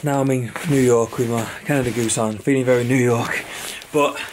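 A young man vlogs to camera in a loose, energetic way, cursing casually as he goes. His voice sits at an ordinary pitch. Steady noise runs under the recording. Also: moderate pace. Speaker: vlogger. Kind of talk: casual vlog talk. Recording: noisy background.

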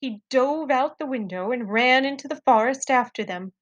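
Woman storyteller for young kids, expressive, higher voice, dry. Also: normal speed, no room sound, dull audio. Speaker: teacher reading aloud. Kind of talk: children's storybook read-aloud.

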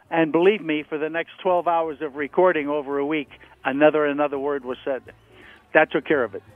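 A man's voice: fairly high pitch, fairly quick, no echo. A man telling stories as the guest in a radio interview, speaking over a phone line and acting out the people he quotes. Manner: animated storyteller, acts out quotes. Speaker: guest drummer.

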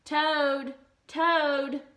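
A woman voicing a cheerful, energetic male frog who calls out eagerly to his friend. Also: a little high, unhurried. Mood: eager calling. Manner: excited, calling out loudly.

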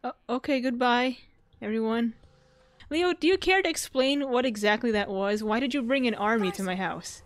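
A woman hosting a gaming channel, giving casual gameplay commentary in an excitable, jumpy way and often breaking into laughter and squeals. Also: on the high side, normal speed, no echo.

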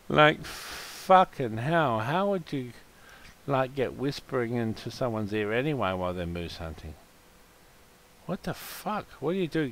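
This man has a mid-range voice and sounds very animated, though his speed stays normal. He's killing time before a game by casually reading random facts aloud, swearing crudely and breaking into loud laughs.

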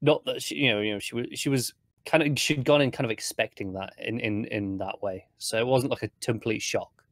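A British co-host joins a TV discussion with short, halting remarks. His voice is at a middling pitch. It is recorded dry, with little sense of a room. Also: dry recording. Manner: hesitant, halting, adds short comments. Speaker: podcast co-host. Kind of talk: casual TV discussion.

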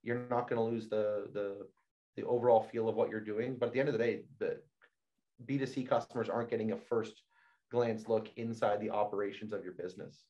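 A man co-hosting a marketing meetup, giving energetic advice and often repeating words as he starts his sentences, over a video call. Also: fairly low pitch, fairly quick. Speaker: marketing agency co-host. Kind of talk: casual advice on a livestream. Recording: dull lo-fi video call audio.

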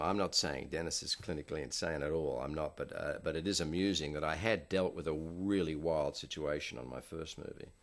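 An older man with a very low voice tells stories from a film shoot in an interview. He keeps a dry, anecdotal delivery and acts out the people he quotes. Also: a bit bright. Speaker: film director.

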